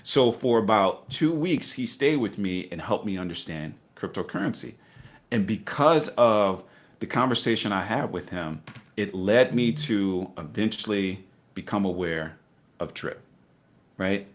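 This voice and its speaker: Lively storytelling man, low voice. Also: a little slow. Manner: animated storyteller, acts out voices with laughter. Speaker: guest investor. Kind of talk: casual podcast interview.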